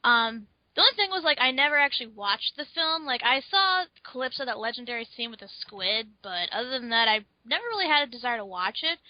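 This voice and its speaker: A woman co-hosting a casual podcast chat about films, playful and animated. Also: on the high side, fairly quick, few pauses, dry recording. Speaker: co-host. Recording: dull, dry lo-fi recording.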